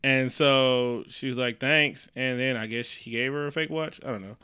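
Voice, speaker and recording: A man's voice: medium pitch, moderate pace, clear, resonant tone, dry recording, studio quality. A man co-hosting a casual movie review chat, swearing freely and breaking into mocking voices of characters. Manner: profane, animated, does mocking voices of characters. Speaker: podcast co-host.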